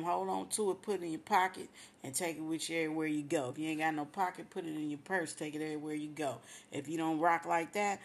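A woman's voice: low voice, a little hiss or hum. A woman hosting a radio show, sharing an emotional religious testimony with heartfelt praise and repeated thanks to God. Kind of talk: emotional personal testimony on air.

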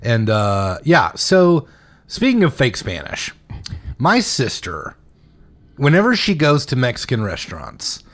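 Young man, podcast co-host, casual chat, joking, rambling, laughs often, mid-pitched voice. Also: huge pitch swings, unhurried, fairly bright tone.

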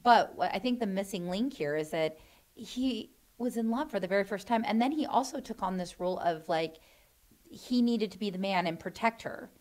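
A woman's voice: mid-range voice, animated, normal speed, a little mellow. A middle-aged woman, a mother, earnestly defending her son in an emotional family discussion. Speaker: mother of a guest.

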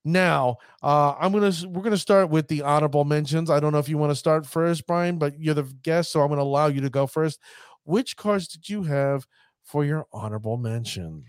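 Hyped-up podcast host man, higher voice. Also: clear, resonant tone, no room sound, studio quality. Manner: showman-like hype, drawn-out emphasis. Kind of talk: casual podcast chat.

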